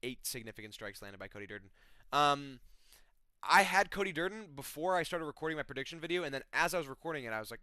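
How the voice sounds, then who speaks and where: A man's voice: on the high side, animated, fast talker, bright, forceful tone, no room sound. Young man, casual fight recap, rambling and profane, dry close sound. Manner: rambling, profane, self-correcting. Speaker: MMA fight reviewer.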